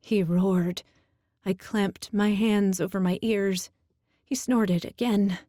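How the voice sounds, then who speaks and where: A woman narrating a first-person fantasy audiobook in a slow, emotional storytelling manner on a close studio mic. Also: mid-range voice, fairly even intonation, mellow, no echo.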